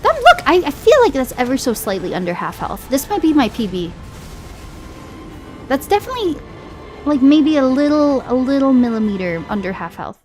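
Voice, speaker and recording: Excitable young woman game streamer. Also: sits high, normal speed. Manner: chatty, excitable, self-deprecating. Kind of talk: casual live-stream chat. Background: game music.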